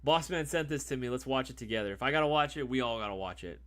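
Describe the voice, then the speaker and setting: A man hosting a casual live stream Q&A, excitable and profane, who laughs easily. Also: mid-range voice, quick pace.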